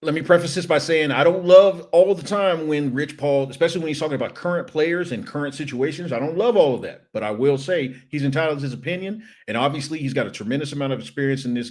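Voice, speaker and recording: A man's voice: medium pitch, fast, few pauses, a little mellow. A man guest on a sports podcast, talking emphatically in casual chat with frequent restarts and asides.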